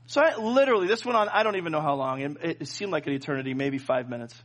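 A middle-aged male pastor preaching a sermon, telling a story with animated, jokey asides to the congregation. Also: on the high side, fast. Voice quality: plenty of filler and restarts, jokey.

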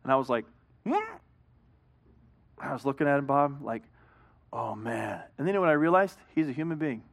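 A man's voice: on the high side, very fast. A middle-aged man, a pastor, preaching a sermon in an earnest, conversational way, telling a story and acting out both sides of a talk.

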